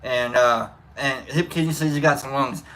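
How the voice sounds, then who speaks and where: A man's voice: mid-range voice, moderate pace, sharp tone. A man hosting a casual livestream, rambling, musing aloud between coughs and reading out chat comments. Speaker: livestream host.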